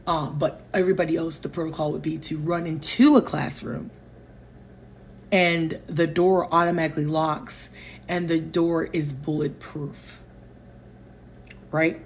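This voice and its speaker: A woman with a Connecticut accent hosts a live stream on her phone. She is animated and opinionated, and her low, mellow voice comes through over a faint background hiss. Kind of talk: casual live-stream talk.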